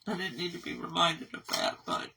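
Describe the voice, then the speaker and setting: A woman who runs an animal rescue, talking candidly in a casual vlog update, rambling and halting with fillers. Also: on the low side, big pitch swings, vocal fry, pushed and bright, a little hiss or hum. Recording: voice somewhat far from mic.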